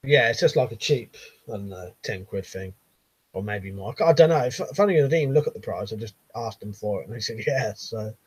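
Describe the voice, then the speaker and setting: A man's voice: fairly low pitch, lively intonation, brisk, husky, no echo, poor audio. A man with a Southern English accent hosting a casual live stream, reading viewers' comments aloud with frequent laughs and casual swearing. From Buckinghamshire, England.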